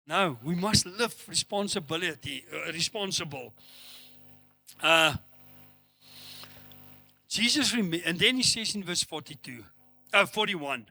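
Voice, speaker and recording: Bright-voiced male pastor preaching. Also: high-pitched, big pitch swings, moderate pace. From South Africa. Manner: preaching with rising emphasis, acting out quoted dialogue. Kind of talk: sermon.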